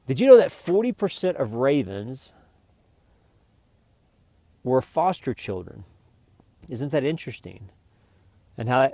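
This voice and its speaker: Male vlogger, rambling and jokey, mid-pitched voice, dry close sound. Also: darkish tone, no room sound. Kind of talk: rambling improvised vlog.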